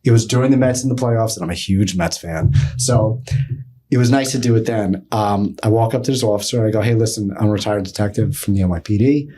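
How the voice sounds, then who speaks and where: Husky-voiced animated New man. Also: fairly low pitch, a little fast. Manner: animated storyteller, acts out others' lines, swears casually. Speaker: podcast guest. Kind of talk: storytelling in casual talk.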